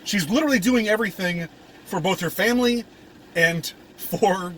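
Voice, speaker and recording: High-voiced man laughing through a movie recap. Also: fairly bright tone, slight background noise. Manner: laughs often, retells scenes with quick quoted lines. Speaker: podcast co-host. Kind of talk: casual movie review chat.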